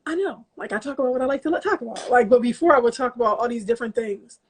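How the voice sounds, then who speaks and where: High, husky woman telling her story. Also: rapid-fire. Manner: lively, self-mocking, slips into quoted voices. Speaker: poet, interview guest. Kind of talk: casual storytelling in an interview.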